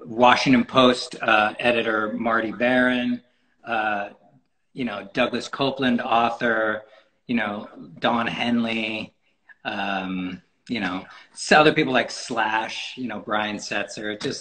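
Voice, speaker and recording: A man's voice: lowish voice, steady tone, takes it slowly, pushed and bright, poor audio. A man talking as a guest in a casual interview, rambling with many fillers and restarts. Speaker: photographer guest. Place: podcast recording.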